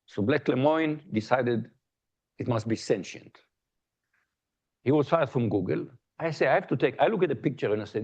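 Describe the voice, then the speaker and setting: A man's voice: medium pitch, animated, moderate pace, long pauses, slightly rough, dull audio. A man giving a colloquium talk in a lecture hall, speaking conversationally with jokes, anecdotes and frequent restarts.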